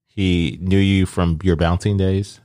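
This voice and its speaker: A laid-back man chatting with an old friend. He pokes at the friend's stories with doubtful questions. His voice sits a little low. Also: flat delivery, slow pace, mellow. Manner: laid-back, teasing, asks skeptical questions. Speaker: friend in casual chat. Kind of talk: casual chat.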